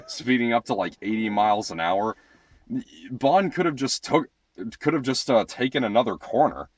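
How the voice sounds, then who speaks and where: A man in a casual group movie review, speaking hesitantly with many pauses and "uh"s. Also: mid-range voice, lively intonation. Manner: hesitant, lots of "uh".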